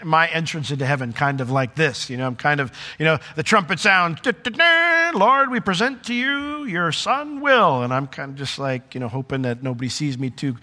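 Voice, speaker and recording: Animated preacher man in a reverberant hall. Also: mid-range voice. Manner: animated, conversational preaching with asides and acted quotes. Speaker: pastor. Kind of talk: sermon.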